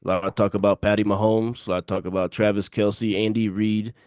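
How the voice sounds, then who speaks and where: A man's voice: lowish voice, level tone, brisk, darkish tone, smooth, no echo. Man picking games, emphatic, dry sound. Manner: emphatic, repeats his picks for effect. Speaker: sports podcast co-host. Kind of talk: casual sports banter.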